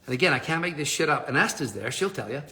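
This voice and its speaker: Man, fairly high and bright voice, lively live-stream storyteller with laughs and casual swearing. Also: quick pace. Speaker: motivational speaker.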